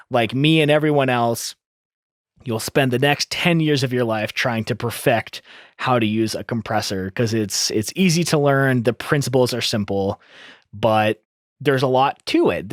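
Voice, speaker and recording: A man's voice: medium pitch, no room sound. A man hosting an audio tutorial, explaining step by step in an upbeat teaching manner into a close studio microphone. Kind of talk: screen-recorded audio tutorial.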